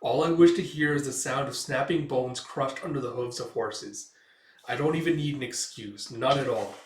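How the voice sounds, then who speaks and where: A man voicing a cruel, cold-hearted male baron who speaks with quiet menace, recorded with a roomy sound. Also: mid-range voice, normal speed, distant mic, lightly acted. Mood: menacing.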